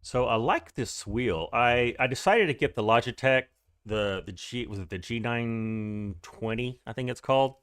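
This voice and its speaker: A man's voice: mid-range voice, normal speed, a bit bright, clean tone, dry recording. A man talking loosely into his stream while he plays a farming game, stopping to greet his chat with a friendly "howdy" and trailing off mid-sentence. His voice sits in an ordinary middle register. The sound is close and dry, with no room around it. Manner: chatty, greets viewers with "howdy", rambling restarts. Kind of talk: casual live-stream gaming commentary.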